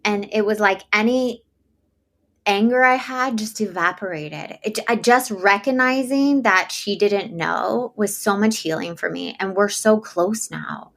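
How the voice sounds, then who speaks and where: A woman speaking as a guest in a casual interview, telling animated stories and laughing often. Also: medium pitch, a little slow. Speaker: podcast host as guest.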